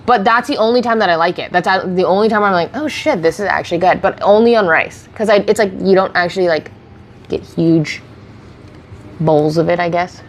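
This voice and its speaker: A woman's voice: on the low side, normal speed, slight background noise. A woman livestreaming while getting ready, chatting casually and rambling as she answers viewers' questions on a close mic. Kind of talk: casual get-ready-with-me stream chat. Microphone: close streaming mic.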